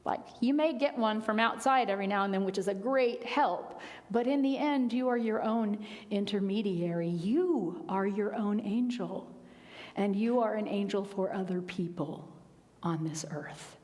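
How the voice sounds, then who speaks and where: A woman minister giving a sermon, telling stories in a conversational way with quiet, emphatic asides. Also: medium pitch, measured pace, big-room sound. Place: church sanctuary.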